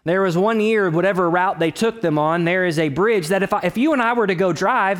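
A man in his thirties from Texas preaching a sermon, conversational with personal stories, rising to loud emphatic bursts and dropping to quiet low asides. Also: a little fast, few pauses. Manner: conversational, with restarts and personal anecdotes. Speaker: pastor.

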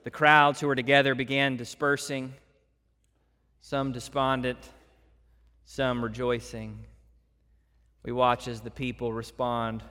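A man preaching a sermon as a pastor to his church, swinging between loud emphatic passages and soft hushed ones. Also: medium pitch, big-room sound.

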